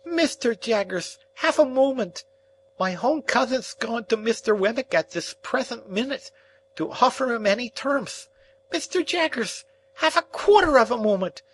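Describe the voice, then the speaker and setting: A woman plays an excitable hanger-on who keeps pleading in a breathless, repeating rush. The voice sits fairly high. An audiobook role. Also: normal speed, a little hiss or hum, natural voice, rough recording. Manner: breathless, repetitive begging. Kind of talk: audiobook character reading.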